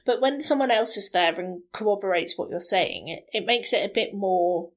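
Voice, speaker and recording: Female co-host, conversational, quick to react and joke. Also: mid-range voice, lively intonation. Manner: chatty, responsive, jokes along. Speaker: podcast co-host. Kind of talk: casual chat.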